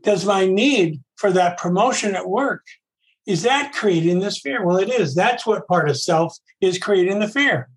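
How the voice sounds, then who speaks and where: A man's voice: high-pitched, animated, measured pace, low-quality recording. A man giving a casual, conversational talk on a recovery program, often repeating himself and voicing his own inner thoughts aloud.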